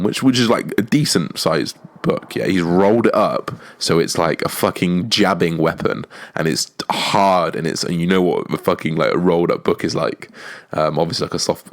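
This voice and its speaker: Deep-voiced man telling a story. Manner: animated, swearing often, quick bursts. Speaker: podcast host. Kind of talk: casual storytelling monologue.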